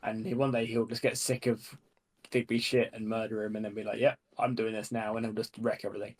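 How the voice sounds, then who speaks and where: A man's voice: lowish voice, monotone, fast talker, darkish tone. A man playing a tabletop game, chatting and joking while he plans his moves. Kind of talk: casual banter at the game table.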